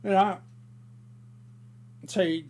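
A man's voice: high-pitched, fairly even intonation, drawn-out words, a little mellow. A man in a casual monologue, ranting heatedly and crudely, rambling with fillers and restarts.

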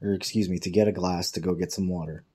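Low, mellow man telling a profane story. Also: fairly even intonation, fast talker, husky. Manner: profane, rambling anecdote with quoted dialogue; mocking impressions of coworkers. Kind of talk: casual storytelling.

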